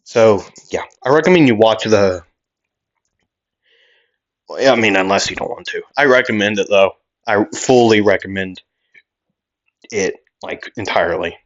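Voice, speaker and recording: Rambling male fan narrator, low and slow, lots of ums. Lo-fi home mic. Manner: rambling, many fillers and self-corrections. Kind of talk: casual story reading and chat.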